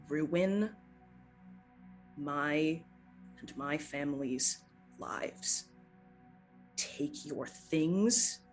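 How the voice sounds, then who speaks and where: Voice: medium pitch, rough recording. A narrator putting on a stern, unforgiving grandmother. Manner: firm, clipped, scornful. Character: stern elderly grandmother, cold and commanding.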